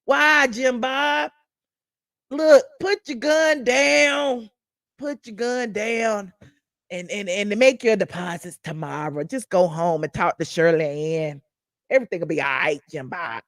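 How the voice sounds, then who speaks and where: A woman putting on a coddling white male cop, low and hushed, all soothing reassurance. He pats the bank robber's shoulder in tone and talks him down like a child. The voice is dry and close. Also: fairly even intonation, very slow, gravelly, no room sound, exaggerated voice. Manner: soft, soothing, patronizing.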